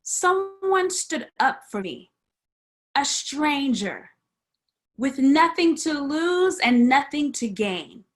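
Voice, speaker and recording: Her voice sits high and sing-song, and she speaks slowly. She is a guest preacher in a church sanctuary, recounting her sermon as a personal story with dramatic impressions of the people involved and sudden whispers.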